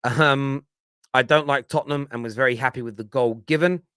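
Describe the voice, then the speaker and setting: A man's voice: mid-range voice, brisk, fairly bright tone, smooth, dry recording, studio quality. A man hosting a live football fan reaction show, talking emphatically and repeating phrases for effect.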